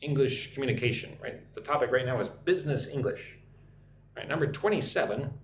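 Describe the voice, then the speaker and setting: A man's voice: medium pitch, animated, roomy sound, a little hiss or hum. An American man hosting a live online English lesson, reading viewer comments and explaining vocabulary and pronunciation. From United States. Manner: drills pronunciation slowly, syllable by syllable. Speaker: English teacher hosting a livestream. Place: home room with a loud air conditioner.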